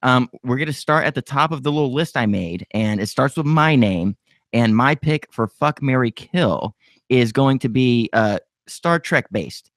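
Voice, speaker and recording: Guy hosting a podcast, jokey, laughs a bunch, pitch all over, dry mic. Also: expressive, a little slow, dry recording. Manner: laughs often, chatty and self-mocking. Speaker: podcast host. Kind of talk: casual podcast chat.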